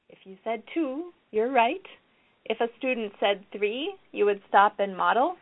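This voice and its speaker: A woman's voice: mid-range voice, lively intonation, unhurried, a little hiss or hum. Woman lecturing over tinny lo-fi audio. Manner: explanatory, models classroom activities aloud. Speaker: educator presenting a reading program. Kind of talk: recorded lecture with slides.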